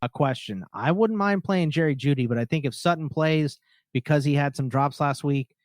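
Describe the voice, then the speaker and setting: A man co-hosting a casual fantasy football podcast, speaking in a measured, agreeable way with some wry teasing. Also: a little high, dry recording, studio quality. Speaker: podcast co-host.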